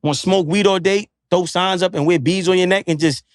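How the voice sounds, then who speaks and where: A man's voice: high-pitched, fairly even intonation, a little fast, dry recording, studio quality. A man who is a podcast guest, lecturing in casual chat with emphatic, profane street slang. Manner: preachy, lecturing.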